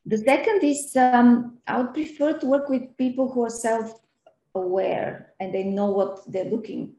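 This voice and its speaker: A middle-aged woman from Eastern Europe speaks as a guest on a podcast, in a warm, mellow voice. She answers earnestly and quickly, filling gaps with ums and repeating words. Her voice carries a roomy echo. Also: a little high, steady tone, a little hiss or hum. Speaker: podcast guest, banking professional. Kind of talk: interview podcast conversation.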